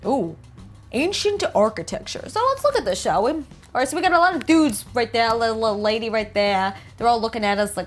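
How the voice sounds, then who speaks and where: Her voice on the high side, expressive and a little fast, a New Jersey-accented host reads up on game art and keeps breaking off to riff and joke. It's chatty and casual, with soft background music underneath.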